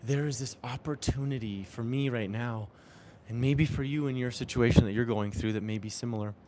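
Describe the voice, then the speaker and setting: A man's voice: medium pitch, a little fast, a little mellow, slight background noise. A young man talking earnestly and reflectively while riding a bike outdoors in the rain, often repeating phrases to himself. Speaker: vlogger. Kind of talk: reflective spiritual vlog.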